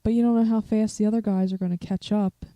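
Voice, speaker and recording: A woman's voice: mid-range voice, steady tone, fast talker, mellow, no room sound. A woman co-hosting a podcast in casual chat, speaking hesitantly with many fillers. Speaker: podcast co-host.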